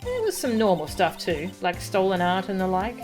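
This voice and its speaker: A woman's voice: mid-range voice, wildly swooping pitch, normal speed, darkish tone, faint music behind. A woman voicing a brash young female photographer who talks in a folksy, drawling country way, read aloud from a game.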